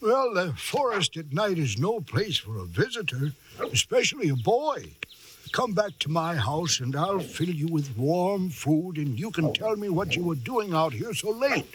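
A kindly older country doctor in a radio drama, with a fairly high voice that moves freely. He soothes and calms with old-fashioned turns of phrase. A faint hiss sits underneath. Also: unhurried.

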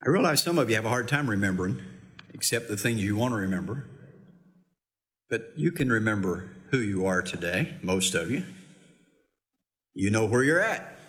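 A man's voice: fairly low pitch, expressive, moderate pace, pauses often, fairly bright tone. A middle-aged male pastor preaching a sermon in a folksy, teasing, emphatic way.

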